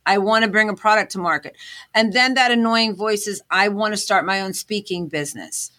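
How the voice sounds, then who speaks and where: Bright-voiced woman, earnest storyteller. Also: medium pitch, brisk. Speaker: guest, inventor and aspiring speaker. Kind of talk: candid interview talk.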